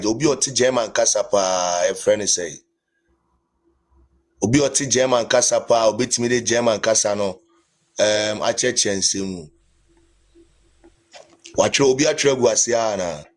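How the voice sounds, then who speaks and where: A man with a Ghanaian accent hosting a live stream, speaking in an indignant, pleading way and switching between English and Twi. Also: fairly low pitch. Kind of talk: impassioned live stream talk.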